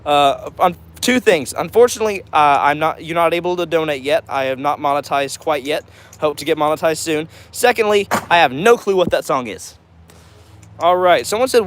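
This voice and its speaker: A man's voice: fairly high pitch, lively intonation, moderate pace. A man hosting a casual livestream, reading out chat comments in a chatty, upbeat way and often saying "all right". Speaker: livestream host.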